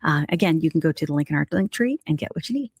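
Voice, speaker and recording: A woman co-host doing a quick, informal sponsor read. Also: low voice, animated, darkish tone, breathy edge, no room sound, studio quality. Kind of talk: podcast ad read and chat.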